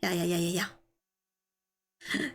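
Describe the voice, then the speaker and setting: A woman's voice: lowish voice, steady tone, slow. A young woman streaming live, chatting casually and giggling as she reads chat and stumbles over tricky words.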